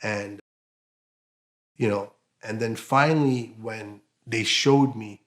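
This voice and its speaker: A man with a fairly low voice tells his own story in an interview. His speech is halting and emotional, broken by fillers and restarts. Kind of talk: emotional personal testimony.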